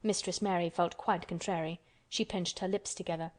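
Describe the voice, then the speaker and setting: In a lowish voice, a woman reads scripted narration for an audiobook at a calm, even, measured pace.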